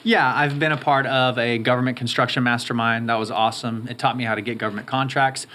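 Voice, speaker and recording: A man's voice: medium pitch, fairly even intonation, fast, bright, forceful tone, a little hiss or hum. A man in his thirties, a guest in an interview, telling his story in an upbeat, eager way. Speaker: guest, roofing company owner. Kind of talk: interview conversation.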